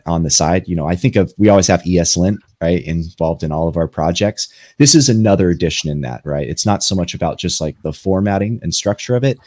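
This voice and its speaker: A man giving a relaxed, conversational tech presentation and answering panel questions. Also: deep voice, no room sound, studio quality. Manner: relaxed, conversational explainer with fillers. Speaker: presenter from a software company. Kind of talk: conference pitch and panel Q&A.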